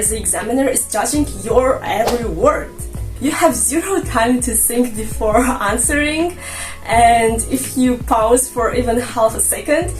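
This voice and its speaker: Chatty woman with a slow, roomy voice. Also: a little high. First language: Russian. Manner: chatty, jokey, addresses viewers as friends. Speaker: English exam coach. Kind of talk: casual explainer narration. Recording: roomy, a bit distant from mic, light music.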